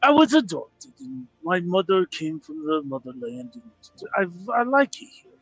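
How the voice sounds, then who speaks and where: A man putting on a gruff old warrior mouse with a Russian accent. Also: fairly high pitch, sing-song, measured pace, fairly bright tone, soft background music, pitched above the performer's own voice, heavily acted, low-quality recording. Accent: put-on Russian. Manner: clipped, terse phrases.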